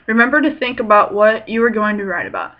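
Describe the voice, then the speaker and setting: Young female student teacher, clear and teacherly; lo-fi classroom sound. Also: medium pitch, animated, fast. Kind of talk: picture-book read-aloud and lesson.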